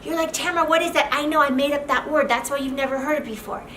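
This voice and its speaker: A middle-aged woman hosting a marriage advice talk, speaking straight to her viewers in an animated, expressive way. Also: sits high, fast talker, slight background noise, low-quality recording. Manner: animated and expressive, acting out quoted voices. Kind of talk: direct-to-camera advice talk.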